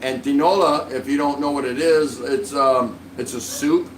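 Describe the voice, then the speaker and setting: A man hosts a casual live stream, chatting in a friendly, rambling way and greeting viewers by name. His voice sits at an ordinary middle pitch. It carries a roomy echo, sounds a little distant from the mic, and has a faint hum of background noise. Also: normal speed. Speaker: livestream vlog host.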